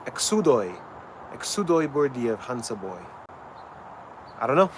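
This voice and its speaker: Animated man chatting on a livestream. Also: mid-range voice, a little slow, slight background noise. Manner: animated, questioning, stumbling over names. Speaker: livestreaming fight trainer. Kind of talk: casual livestream chat.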